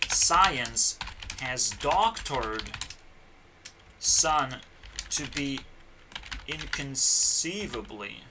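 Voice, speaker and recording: A man talking as a YouTuber in a rambling solo rant, profane and meandering, swinging between loud outbursts and mutters. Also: mid-range voice, expressive, drawn-out words, long pauses, noisy background. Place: home computer setup.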